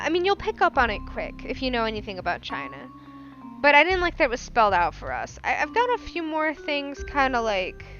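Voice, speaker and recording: A woman rambling through a casual book review podcast in a profane, animated way, recorded on a lo-fi home mic. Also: on the high side. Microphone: non-professional mic. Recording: lo-fi home mic, faint music.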